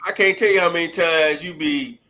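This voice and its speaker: Forties man, co-host; bright, lively storyteller who laughs a lot. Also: on the high side, fairly quick, slight background noise. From Detroit. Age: 40s. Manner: animated storyteller, laughs often, acts out quotes. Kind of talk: casual reminiscing chat.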